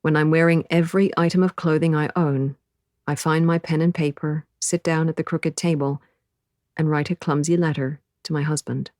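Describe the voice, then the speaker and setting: A woman's voice: low voice, fairly even intonation, normal speed, darkish tone, dry recording, studio quality. A woman narrating a novel in the first person, with an intense, breathless inner-monologue delivery. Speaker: audiobook narrator.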